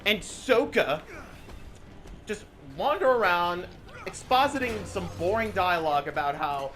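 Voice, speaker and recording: A young man in casual voice chat while gaming, animatedly mocking a movie with swearing and quick retellings. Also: high voice, animated, fairly bright tone, faint music behind. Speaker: channel host.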